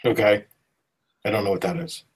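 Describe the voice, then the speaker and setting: A man's voice: on the low side, fairly even intonation, normal speed, breathy edge. A man in casual podcast chat, giving wry, short reactions and an anecdote of his own. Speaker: podcast co-host.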